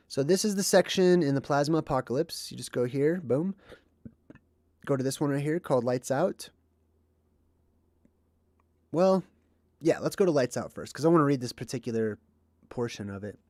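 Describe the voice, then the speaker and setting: A man's voice: mid-range voice, darkish tone. A man talks casually on a livestream in an ordinary mid-range voice, wandering from point to point with plenty of ums and asides. He is recorded close up with a dry, dead sound and no room echo. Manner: rambling and conversational, with frequent ums and asides. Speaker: livestream host.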